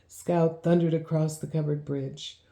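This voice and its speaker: A woman reads a storybook aloud in a measured, gently expressive way. Her voice is low and very mellow, and a roomy echo hangs on every phrase. The delivery is steady and even-handed. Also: creaky. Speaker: audiobook narrator. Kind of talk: storybook reading.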